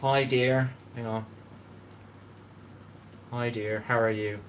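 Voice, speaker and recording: A man's voice: medium pitch, steady tone, slow pace, a little hiss or hum. Rambling, chatty man on a live stream. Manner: rambling and chatty, greets viewers and swears freely. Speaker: livestream cooking host. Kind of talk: casual live-stream chat. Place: home kitchen, seated on a chair.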